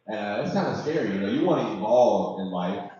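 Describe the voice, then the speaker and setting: A man's voice: on the low side, animated, brisk, mellow, distant mic, slight background noise. A man doing a stand-up set at an open mic, rambling and casual. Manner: casual, rambling, filler-heavy. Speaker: comedian. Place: comedy club open mic. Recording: echoey room from afar, dull lo-fi.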